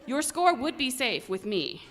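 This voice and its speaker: A woman's voice: high-pitched, big pitch swings, measured pace, in a large hall. Woman reading as Amelia Bedelia, a chirpy housekeeper. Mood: pleased. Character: cheerful literal-minded woman housekeeper.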